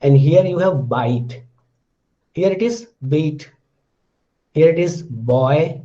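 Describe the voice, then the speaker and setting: A man teaching pronunciation, slowly explaining and repeating example words. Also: a little high, lively intonation, warm tone. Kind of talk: slow classroom-style explanation. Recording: dull lo-fi recording.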